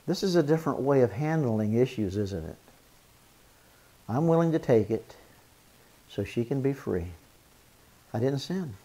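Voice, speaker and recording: A man teaching a marriage seminar in a sermon style. He moves from loud, emphatic points to soft, quiet role-played apologies and chuckles between points. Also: mid-range voice, lively intonation, unhurried, long pauses.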